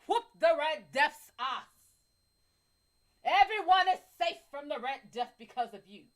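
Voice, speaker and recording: A woman's voice: high-pitched, animated, a little slow. A woman voicing a doting, theatrical partner with a put-on British accent, fawning over and scolding her man.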